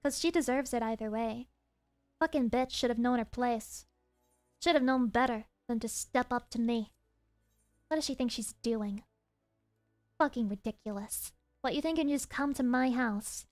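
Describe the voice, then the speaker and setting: A woman streaming a game from her desk, chatting in an excitable, rambling way full of swearing. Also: on the high side, normal speed, soft background music. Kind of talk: casual game stream chat. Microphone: desk mic.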